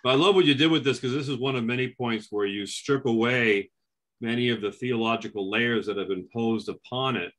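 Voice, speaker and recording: A man's voice: mid-range voice, fairly quick, a bit bright. A man hosting an interview, responding with frequent agreement and brief remarks. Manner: affirming, frequent short agreements. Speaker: interview host. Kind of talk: conversational interview.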